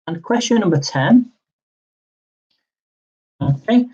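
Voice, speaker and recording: Young guy running a live quiz, talks real slow, says every question twice, kinda dull lo-fi sound. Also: medium pitch, animated. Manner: slow, repeats each question, chatty asides. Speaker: quiz host.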